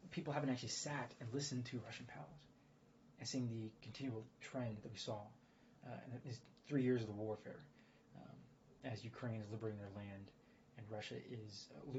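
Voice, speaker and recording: A man's voice: mid-range voice, steady tone, fairly quick, a little mellow. Man, rambling casual commentary, lots of fillers, faint background noise. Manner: rambling, many fillers and restarts. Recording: dull lo-fi audio with faint noise.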